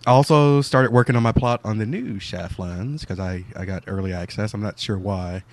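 A man with a lowish voice tells his story in a modest, plain way. He talks casually in a podcast conversation. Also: normal speed. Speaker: podcast co-host. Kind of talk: casual chat.

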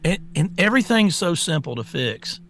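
A man's voice: high voice, normal speed, creaky, slight background noise. A man co-hosting a political talk show, ranting bluntly with many restarts. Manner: blunt, repetitive restarts, animated rants. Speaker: co-host.

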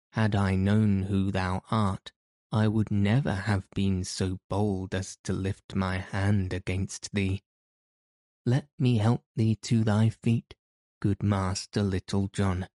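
A man's voice: on the low side, dark tone, dry recording, clean studio sound. A man reading the part of a bold, joyful tradesman in an old-fashioned storybook. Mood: humble. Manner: bold, eager, archaic speech. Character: bold, joyful burly male tanner. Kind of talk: audiobook character reading.

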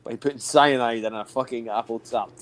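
A man's voice: mid-range voice, steady tone, brisk, noisy background. A Scottish man, a podcast host, in sweary, laughing, teasing casual banter. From Scotland. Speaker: podcast host, former footballer.

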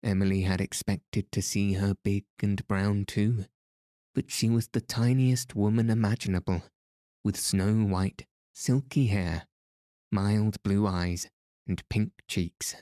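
A man narrating a novel calmly and soothingly as a bedtime story for sleep. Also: low-pitched, no room sound, clean studio sound. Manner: soft, soothing, unhurried. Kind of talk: calm audiobook reading for sleep.

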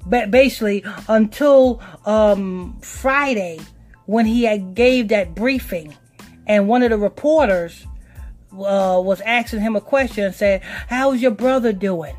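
A woman's voice: medium pitch, measured pace, darkish tone, soft background music. A woman co-hosting a casual commentary podcast, blunt and emphatic, often repeating her points. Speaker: podcast co-host.

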